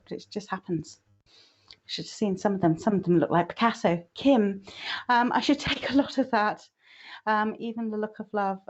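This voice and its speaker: Chatty woman on a dull stream. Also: medium pitch. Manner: chatty, warm greetings, frequent "oh, bless". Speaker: psychic artist reading for viewers. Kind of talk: live-stream chat greeting viewers.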